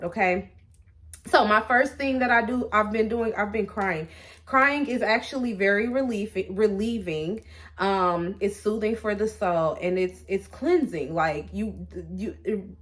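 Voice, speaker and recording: Candid, chatty woman vlogger. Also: medium pitch. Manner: candid, chatty, animated, with many fillers and restarts. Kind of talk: casual personal talk to camera.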